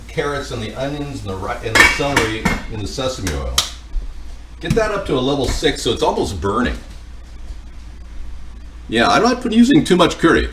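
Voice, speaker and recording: Lively, rambling man cooking at home. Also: medium pitch, recorded from a distance, heavy background noise. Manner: rambling, chatty, jokey. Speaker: cooking livestream host. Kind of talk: casual chat answering viewer comments. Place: home kitchen.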